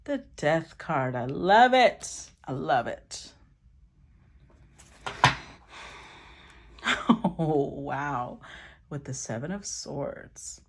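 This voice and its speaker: Animated husky-voiced woman reading tarot. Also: low voice, very slow, pauses often. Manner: animated, blunt, swears casually. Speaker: tarot reader.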